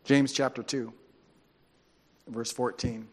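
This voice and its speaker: A man preaching a sermon as a pastor, animated and joking, acting out quoted voices. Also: mid-range voice, slow pace, in a large hall. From grew up on a farm.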